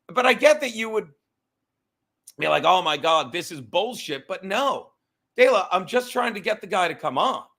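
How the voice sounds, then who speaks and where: A man's voice: high-pitched, pushed and bright. A man hosting a livestream, ranting casually in a profane, rambling way and getting easily sidetracked. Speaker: livestream host.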